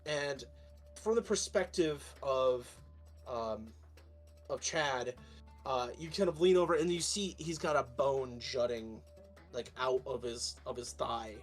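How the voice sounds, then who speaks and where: Narrating a tabletop game as its game master, a mid-range-voiced man speaks in a hesitant, filler-heavy way. The session is streamed, with quiet music in the background.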